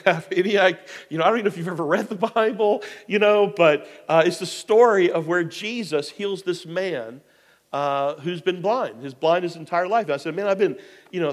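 Animated pastor telling a story in a hall. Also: male voice, high voice. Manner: animated, rambling storytelling with many fillers. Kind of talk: storytelling sermon.

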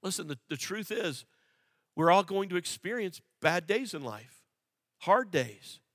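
A male pastor preaching a sermon, earnest, repeating phrases for emphasis and asking the congregation questions, swinging from quiet and low to loud and emphatic. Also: lively intonation, a little slow, no echo, studio quality.

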